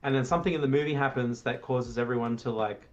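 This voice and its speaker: Brief: chatty male co-host, jumps into high voices while retelling scenes. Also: fast, dull audio. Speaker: podcast co-host. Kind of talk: casual film review chat.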